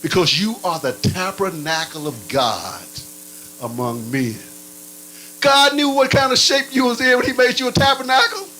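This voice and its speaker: Man preaching, high voice, bright tone, playful and animated, big jumps in pitch, barking sounds now and then. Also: moderate pace, slight background noise, rough recording. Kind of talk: sermon.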